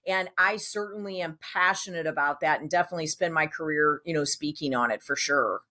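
A woman's voice: low-pitched, brisk. Enthusiastic woman trainer chatting. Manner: enthusiastic, animated storytelling. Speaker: personal trainer and health coach guest. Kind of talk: casual podcast conversation.

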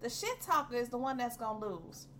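A woman co-hosting a casual podcast chat, blunt and quick with banter. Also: on the high side, sing-song, fairly bright tone, slight background noise. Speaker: podcast co-host.

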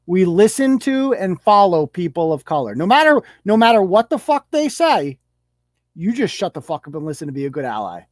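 A man's voice: high voice, very animated, fairly quick, dry recording, studio quality. A man hosting a live show, ranting with profanity and sarcasm and firing off mocking rhetorical questions while reading rules aloud.

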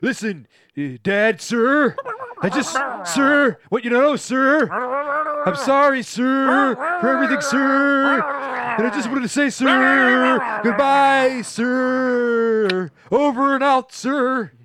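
A man's voice: sits high, big pitch swings, slow, pauses often, over a noisy crowd, full character voice. A man voicing a panicked young male hostage who phones his parents, apologizing in an overwrought, stammering way in a comedic script read-through. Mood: frantic.

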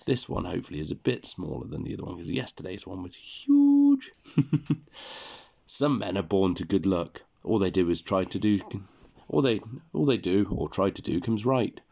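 A man reading a fairy tale aloud to a child in a relaxed, chatty way, stopping to explain and laugh. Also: deep voice, normal speed, gravelly, breathy edge.

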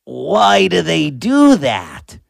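Voiced by a woman, this is a cold and hungry male wolf from a bedtime story, with a gravelly, rough edge to his voice. He talks slowly, and his pitch rises and falls a lot. The sound is close and dry. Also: huge pitch swings, no room sound, heavily acted. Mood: puzzled.

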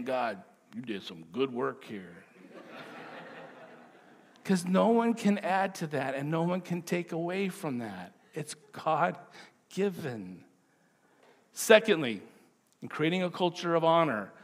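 A middle-aged man with a New Zealand accent preaching a sermon as a pastor, conversational and at times playful. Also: fairly high pitch. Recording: long hall reverb.

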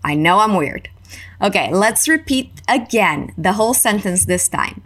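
Canadian woman, English teacher, unhurried delivery, very animated pitch, drills phrases for learners. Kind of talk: slow, clear language lesson.

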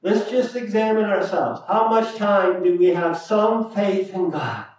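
A male pastor preaching a sermon in a church sanctuary, deliberate and emphatic, repeating key phrases. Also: high-pitched. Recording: echoey room, mic at a distance.

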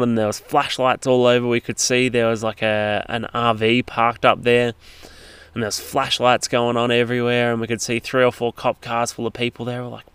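A man's voice: mid-range voice, clear, resonant tone, no room sound. A man casually narrating a travel story, rambling along with frequent fillers and restarts. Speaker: travel vlogger.

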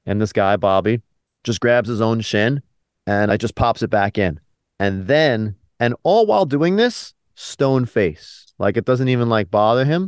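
A man co-hosting a podcast, telling stories in casual chat, swearing and acting out quotes with sudden loud high outbursts. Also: expressive, measured pace, smooth, no room sound, studio quality. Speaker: podcast co-host. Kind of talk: casual chat, animated storytelling.

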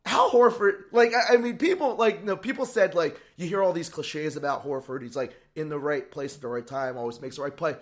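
A man co-hosting a casual sports podcast, excitable, stumbling over restarts and swearing freely. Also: a little high, a little fast, few pauses. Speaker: podcast co-host.

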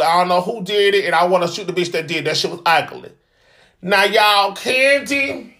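A vlogger sits in on reality TV with casual commentary, spilling sassy gossip laced with profanity in a voice that runs high for a man. He sounds bright, sharp, dramatic, and full of opinions the whole way through.

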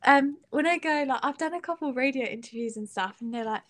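A young British woman, a singer-songwriter guest, chatting casually in an interview, giggly and halting with many restarts. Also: sits high, a little hiss or hum. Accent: British English.

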